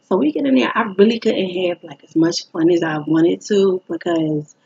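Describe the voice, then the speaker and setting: A young woman telling a personal story in a casual way, acting out what people said in a higher voice. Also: normal speed, gravelly, breathy edge. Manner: animated, acts out quoted people in a higher voice. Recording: dull lo-fi recording.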